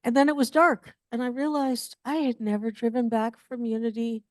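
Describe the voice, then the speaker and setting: A woman gives a casual, personal sermon, full of candid stories and self-deprecating jokes. Her voice sits a little high. The sound is dry and close, with little room echo. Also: little pitch movement, moderate pace. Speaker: speaker at a church service. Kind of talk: conversational sermon. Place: church sanctuary.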